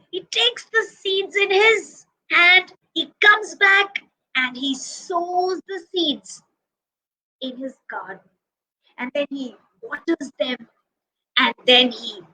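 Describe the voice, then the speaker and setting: A woman telling a story to preschool children, animated, asking them questions and acting out the actions. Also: very high-pitched, low-quality recording.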